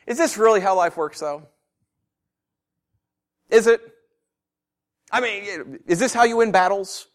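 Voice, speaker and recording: A man preaching a sermon, asking rhetorical questions and swinging from quiet asides to loud declarations. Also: high voice, a little slow, long pauses.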